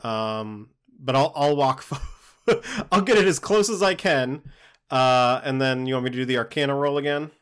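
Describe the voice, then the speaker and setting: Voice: medium pitch, moderate pace, clean tone. A player in a tabletop game, talking casually and animatedly.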